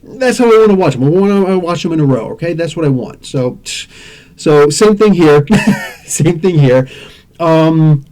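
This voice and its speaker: A man in his forties hosting a podcast in a rambling, animated rant, laughing often and swearing now and then. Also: a little high, normal speed. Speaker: podcast host. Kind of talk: casual rant.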